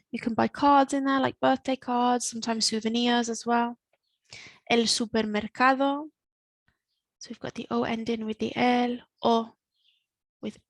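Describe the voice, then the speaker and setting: A woman's voice: a little high, dry recording, poor audio. Patient woman teaching a language lesson. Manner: patient, explains step by step, switches between English and Spanish. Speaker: Spanish teacher.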